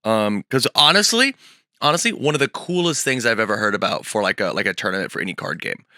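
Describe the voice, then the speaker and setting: A man hosting a stream in casual chat, his voice hoarse, eager and often repeating himself. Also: lowish voice, lively intonation, fast, bright, forceful tone, no room sound, clean studio sound. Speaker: stream host.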